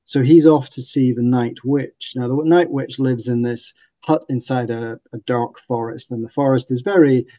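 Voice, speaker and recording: A man's voice: medium pitch, fairly even intonation, moderate pace, dark tone, no echo. A man hosting a casual book discussion, speaking enthusiastically and laughing often. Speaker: podcast host and book reviewer.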